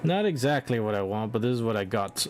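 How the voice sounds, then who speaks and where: A man's voice: medium pitch, lively intonation, a little fast, darkish tone, slight background noise. A man hosting a casual painting livestream, chatty and encouraging, making little sound effects as he works. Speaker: livestream host painting miniatures.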